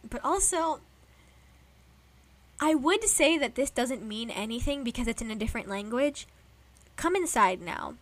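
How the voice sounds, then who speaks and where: A young woman chatting casually as a podcast co-host, rambling and animated as she gushes like a fan. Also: a little high, moderate pace, long pauses. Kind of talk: casual chat.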